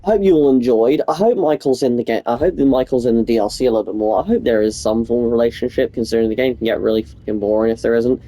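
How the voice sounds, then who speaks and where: A man's voice: mid-range voice, dark tone, low-quality recording. A young man with a cold, rambling and swearing casually as he comments over his gameplay. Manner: rambling, profane, offhand. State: sick. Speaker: gaming YouTuber.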